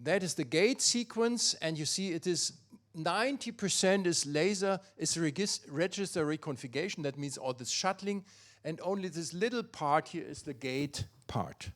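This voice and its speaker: Older man, German accent, academic lecture, slightly high voice, fillers and restarts. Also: normal speed. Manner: thinking aloud, many fillers and restarts. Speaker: physics lecturer.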